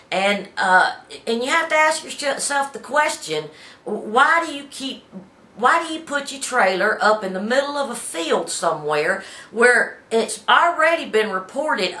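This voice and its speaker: A woman's voice: on the high side, bright, forceful tone, roomy sound. Folksy Southern woman hosting a talk show. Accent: Southern US, Alabama. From Alabama, US. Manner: folksy and opinionated, with frequent uh fillers and repeats. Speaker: host. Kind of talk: casual talk show monologue. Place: office.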